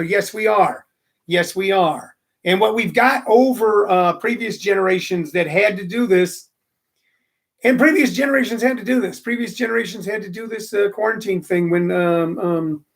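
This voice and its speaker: A man's voice: sits high, creaky, a bit bright. A middle-aged man hosting a casual live-streamed comedy radio chat, rambling with lots of fillers into a studio microphone. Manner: rambling, chatty, many fillers. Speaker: comedy radio show host. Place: room with phone and microphone.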